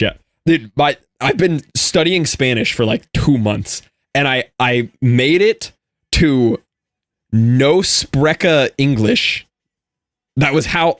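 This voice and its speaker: A young man streaming a game and chatting casually, telling an animated story with frequent laughs and quick asides. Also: medium pitch, no room sound, clean studio sound. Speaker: Minecraft streamer. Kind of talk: casual live-stream chat with viewers.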